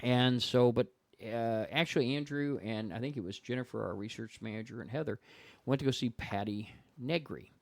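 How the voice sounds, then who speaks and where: A man in casual conversation as a podcast guest, telling a story in an animated way and acting out the other people's lines in their voices. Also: mid-range voice, moderate pace, dry recording. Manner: animated, acts out dialogue in voices.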